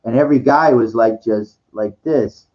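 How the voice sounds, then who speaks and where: A man's voice: mid-range voice, normal speed. A man telling a rambling personal story full of restarts and swearing, breaking into quoted voices. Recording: dull lo-fi recording.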